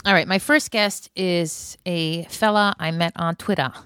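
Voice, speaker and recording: A woman's voice: lowish voice, steady tone, a little slow, a bit bright, clear, resonant tone, no room sound, clean studio sound, soft background music. A woman hosting a podcast, talking in a chatty, opinionated way and laughing often. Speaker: podcast host. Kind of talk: casual monologue. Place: Israel.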